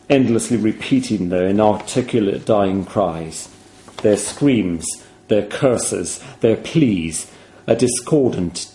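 A man reading a horror story aloud in a grave, hushed, measured way. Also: on the low side. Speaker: narrator.

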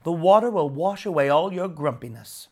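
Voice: mid-range voice, expressive, moderate pace, close to an everyday voice. A storyteller voicing a bold, cheerful young woodsman who declares and teases heartily in a storybook reading. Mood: hearty.

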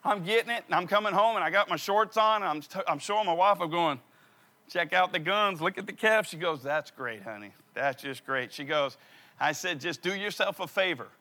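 A man's voice: sits high, a little fast, bright, forceful tone. A middle-aged man, a pastor telling a funny personal story in a sermon and acting out the dialogue. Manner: humorous, acts out the dialogue.

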